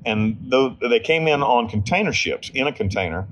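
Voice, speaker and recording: A man's voice: mid-range voice, expressive, moderate pace, a bit bright, rough recording. An American man telling his life story in an interview, with blunt, rambling speech, profanity and frequent restarts. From United States. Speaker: interview subject.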